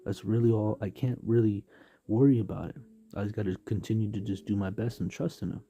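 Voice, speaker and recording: The San Diego livestream preacher speaks fairly quickly in a lowish, steady, dark voice. His spoken devotional is loose and rambling, thick with fillers and street slang.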